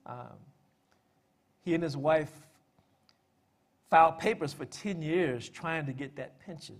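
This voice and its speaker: A man presents to an audience in a relaxed, conversational way. His voice sits a little high, and his talk is full of small "uh" fillers and dry jokes at his own expense. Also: slow. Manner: conversational with frequent "uh" fillers and dry self-deprecating humor. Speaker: speaker presenting family history and poetry. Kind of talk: public talk.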